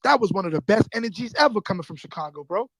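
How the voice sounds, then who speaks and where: High-voiced New man telling stories. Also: expressive, fast talker, gravelly, no echo, rough recording. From New York. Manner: streetwise, profane, acts out voices in his stories. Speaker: rapper guest. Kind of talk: animated storytelling.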